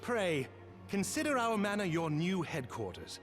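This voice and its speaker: A man's voice: high voice, sing-song, a little slow, a bit bright, faint music behind, heavily acted. An actor playing a courtly, formal nobleman in a video game, with gracious, old-fashioned phrasing. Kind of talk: game voice acting.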